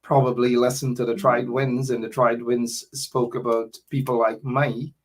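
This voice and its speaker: A man's voice: mid-range voice, little pitch movement, normal speed. Chatty Guyanese man hosting a talk show. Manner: rambling, chatty, many fillers. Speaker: radio talk show host. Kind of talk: radio talk show monologue.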